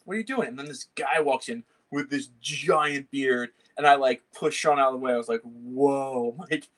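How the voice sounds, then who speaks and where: A man's voice: mid-range voice, rough recording. A man hosting a live guitar lesson stream, chatting casually with viewers and reading their comments, rambling with many fillers and restarts. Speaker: guitar teacher and channel host.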